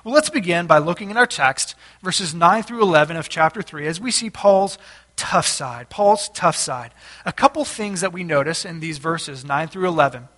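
Man, pastor, high-pitched, bright tone, conversational sermon, asks questions of the listeners. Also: lively intonation, moderate pace. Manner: conversational, asks the congregation questions and tells family stories. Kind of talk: expository sermon.

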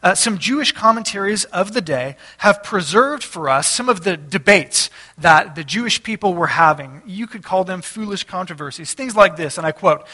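Bright, high-voiced male pastor. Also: expressive, normal speed, hardly any pauses. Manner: conversational, asks the congregation questions and tells family stories. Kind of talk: expository sermon.

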